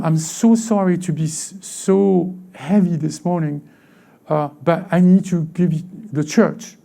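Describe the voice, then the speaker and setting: A male pastor delivers a sermon in a high, gravelly voice with a dark, mellow tone. He stumbles and repeats himself often, falling to near-murmurs between sudden loud bursts. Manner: halting, repeats words, swings from quiet to loud.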